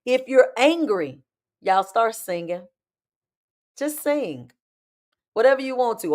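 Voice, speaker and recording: A woman hosting a live spiritual talk show, chatting emphatically with her viewers and calling them y'all and baby. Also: mid-range voice. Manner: acts out inner voices in quick asides.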